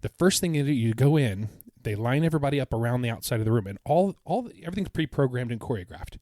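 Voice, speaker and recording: A man's voice: mid-range voice, lively intonation, fast, mellow, dry recording, studio quality. A man co-hosting a podcast, recounting his trip in a casual, enthusiastic, rambling way. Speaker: podcast co-host. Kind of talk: casual chat.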